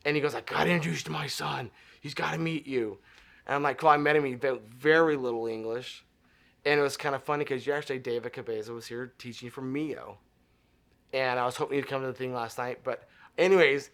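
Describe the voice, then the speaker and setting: A man's voice: a little high, fairly bright tone. Enthusiastic man from Arizona telling stories. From Arizona, USA. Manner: enthusiastic, rambling, with frequent restarts. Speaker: interview guest. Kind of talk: casual anecdotal storytelling.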